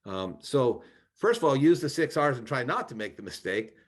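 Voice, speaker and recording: A man's voice: medium pitch, very animated, normal speed. A man, a former congressman, speaking in an online training talk, giving earnest advice with frequent restarts.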